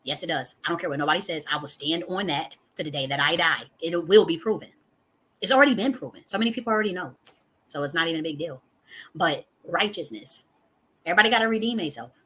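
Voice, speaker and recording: A woman's voice: fairly low pitch, lively intonation, fast talker, fairly bright tone, husky. A woman, giving a heated, profane monologue full of repetition and sudden outbursts. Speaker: spiritual teacher and channel host. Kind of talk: impassioned monologue.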